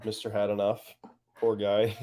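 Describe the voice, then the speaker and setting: A man's voice: on the low side, monotone, measured pace, dark tone. A man as a guest on a livestream, chatting casually and reading viewer comments, laughing often and joking.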